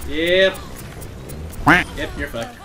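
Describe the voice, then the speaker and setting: Dude talking trash while gaming, pitch jumps all over, kinda bright and sharp, swears a lot. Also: male voice, animated, very slow, faint music behind. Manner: playful, laughing. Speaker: gamer. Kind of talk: casual gameplay commentary.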